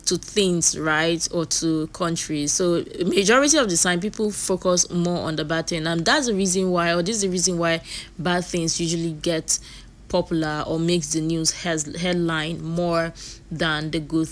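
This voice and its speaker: Lady host reacting to clips, lowish voice, rambles and repeats, earnest. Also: moderate pace. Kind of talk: casual reaction commentary.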